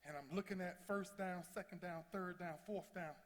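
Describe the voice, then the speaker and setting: A man's voice: sits high, steady tone, normal speed. Impassioned man speaking in a large hall. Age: 30s. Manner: impassioned storytelling, swinging from loud to hushed. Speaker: motivational speaker. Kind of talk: motivational speech. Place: large convention hall before a big audience. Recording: long reverb of a large hall.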